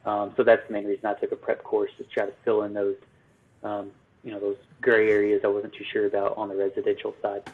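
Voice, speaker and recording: A man, an electrical business owner, answering interview questions in a halting way full of ums and restarts. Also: lowish voice, monotone, husky. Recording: phone-like narrow line.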